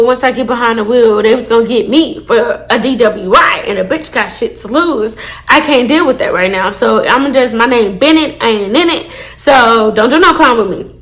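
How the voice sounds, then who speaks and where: A woman telling a casual storytime to her viewers, animated and full of swearing. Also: fairly high pitch. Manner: animated, swears a lot, addresses viewers as y'all. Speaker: storytime vlogger.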